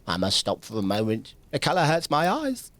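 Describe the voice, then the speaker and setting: A man voicing a weary, gentle mother in a tipsy comic reading of a classic storybook. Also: fairly high pitch, wildly swooping pitch, brisk. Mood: fretful. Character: weary gentle mother, middle-aged woman.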